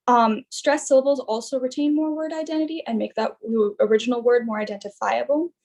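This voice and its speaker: Young woman presenting research over a video call, a bit high, lots of "um"s. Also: fairly quick, hardly any pauses, darkish tone. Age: young adult. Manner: explanatory, with frequent fillers and restarts. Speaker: student presenter. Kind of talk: academic presentation.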